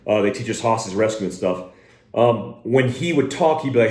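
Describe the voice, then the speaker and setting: A man's voice: on the low side, expressive, brisk, a little mellow. A man teaching a hands-on shooting lesson as a firearms instructor, speaking directly and plainly and barking short drill commands. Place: indoor room with a door. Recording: roomy echo.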